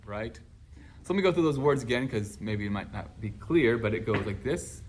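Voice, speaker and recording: A man, a choir teacher, explaining warm-up exercises in casual teaching talk, now and then breaking into song. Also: medium pitch, moderate pace, over a noisy crowd. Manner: animated, bursts into singing and acted class responses.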